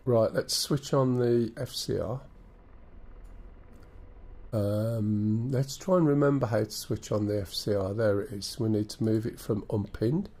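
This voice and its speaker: A man's voice: on the low side, a little slow, warm tone. A man with an English accent and a stuffy nose from a cold, chatting through a live flight-sim stream, thinking aloud and greeting viewers. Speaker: game streamer.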